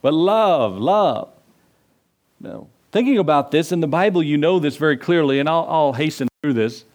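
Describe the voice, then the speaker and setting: In a slightly high, darkish voice with lively intonation and a moderate pace, a pastor preaches a sermon. He keeps it conversational, tossing in jokes and rhetorical questions and drawing out key words for emphasis.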